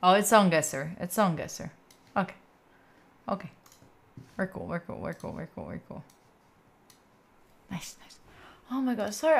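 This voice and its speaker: A young woman with an Italian accent, chatting casually as a livestream host at home, swearing freely and reacting to her chat. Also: mid-range voice. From Italy. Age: young adult. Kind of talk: casual chat with live viewers. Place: room at home.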